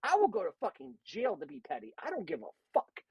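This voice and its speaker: A man's voice: high-pitched, huge pitch swings, quick pace, husky, no room sound, dull audio. A man on a podcast, telling a work story in a casual, rambling way and swearing a lot. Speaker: podcast co-host.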